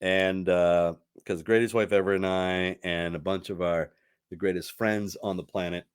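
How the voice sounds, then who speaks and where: A man's voice: deep voice, fairly even intonation, normal speed, clear, resonant tone. A middle-aged man hosting a casual podcast, chatty and rambling, laughing often and restarting his sentences. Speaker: radio host.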